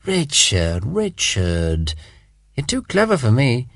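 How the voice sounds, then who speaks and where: A man's voice: fairly high pitch, sing-song, normal speed, a bit bright, no room sound, studio quality, pitched above the performer's own voice. A man reading an audiobook, voicing a mocking, rakish aristocratic British officer in a raised, theatrical voice. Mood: conspiratorial hush. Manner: teasing, theatrical, bellowing. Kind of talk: audiobook character voice.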